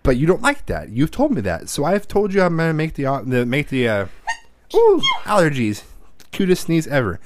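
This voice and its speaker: A man co-hosting a casual podcast about parenting, joking, swearing and telling animated stories. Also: a little high, normal speed. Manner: profane, joking, animated storytelling. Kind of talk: casual chat.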